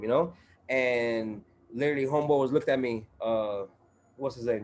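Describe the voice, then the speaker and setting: A man's voice: medium pitch, lively intonation, fast talker, a little hiss or hum. A man guest on a podcast, telling a story in casual chat, full of profanity, street slang and fillers.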